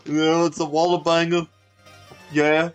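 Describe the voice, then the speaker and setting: Brief: slow, giggly sidekick voice, keeps laughing and chiming in, faint music behind. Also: medium pitch, little pitch movement. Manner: giggly, laughs often, jumps in with jokes. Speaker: co-reader. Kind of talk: comedic book reading chat.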